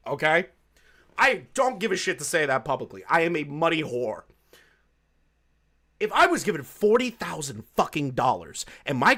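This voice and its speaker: A man's voice: sits high, bright, forceful tone. A man doing live-stream commentary, ranting with lots of swearing and frequent laughter. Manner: profane, ranting, laughs often.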